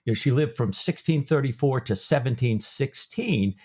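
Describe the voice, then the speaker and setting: With a medium pitch, lively intonation, and normal speed, the book podcast co-host sounds a little mellow and slightly rough. He's conversational, stumbling through frequent fillers and restarts, and he was raised Lutheran without speaking Norwegian.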